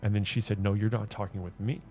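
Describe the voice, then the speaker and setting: A man's voice: fairly low pitch, fairly even intonation, fast, warm tone, soft background music. A man streaming, telling a personal story in an earnest, rambling way with many restarts and repeated words. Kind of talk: casual livestream chat.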